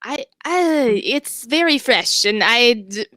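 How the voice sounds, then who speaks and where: Woman player: high, slow, flustered. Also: animated, sharp tone, no echo, clean studio sound. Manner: flustered, halting, laughs a lot. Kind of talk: casual tabletop play.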